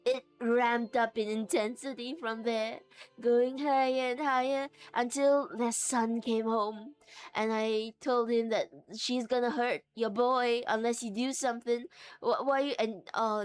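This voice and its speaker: Brief: woman streamer, casual chatty talk, frequent laughs and restarts, soft music behind. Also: on the high side, dry recording. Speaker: streamer and game master. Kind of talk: casual stream chat while sewing.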